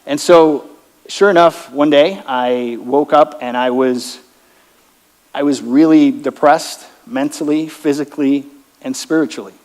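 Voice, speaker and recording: Guy telling his testimony at church, earnest, mid pitch, echoey hall. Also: darkish tone. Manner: earnest storytelling, acting out quoted dialogue. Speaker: fitness coach sharing his testimony. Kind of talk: personal testimony told to a church audience. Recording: long hall reverb.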